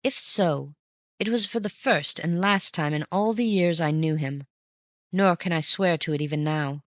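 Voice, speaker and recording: Measured audiobook narrator, dry sound. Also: medium pitch, no echo. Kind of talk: scripted narration of a classic novel.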